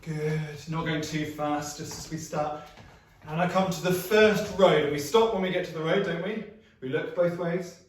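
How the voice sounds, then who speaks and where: A man's voice: fairly high pitch, steady tone, moderate pace, recorded from a distance. A man leading children through a playful action story with sound effects and coaxing prompts, as a music practitioner in a live online session. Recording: very echoey room, voice set back from the mic.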